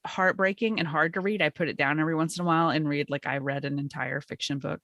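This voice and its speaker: A woman's voice: deep voice, fairly even intonation, fast talker, a bit bright, no room sound, highs cut off. Chatty middle-aged woman, dry sound. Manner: chatty and enthusiastic, frequent laughs. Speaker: podcast co-host. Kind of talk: casual chat.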